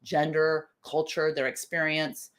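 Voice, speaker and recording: A woman's voice: low-pitched, level tone, measured pace, a bit bright. A middle-aged woman from the United States hosts a live-stream talk, thinking aloud, restarting phrases and reading out viewer comments. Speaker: live show host.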